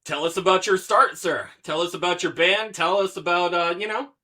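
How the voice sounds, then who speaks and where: A man's voice: sits high, a little fast, sharp tone. A man hosting a podcast, asking questions in a teasing, jokey way. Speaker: podcast host. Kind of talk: casual podcast chat.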